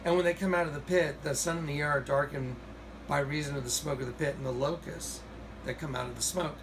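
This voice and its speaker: Excited man telling a story, noisy recording. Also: fairly high pitch, fairly quick. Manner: excited, rambling storytelling with restarts. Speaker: video host. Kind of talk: casual recorded monologue.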